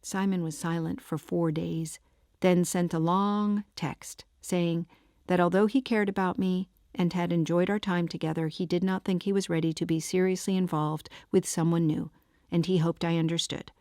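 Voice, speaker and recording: A woman narrating a first-person audiobook with a wry, deadpan comic delivery. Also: lowish voice, moderate pace, dry recording, studio quality.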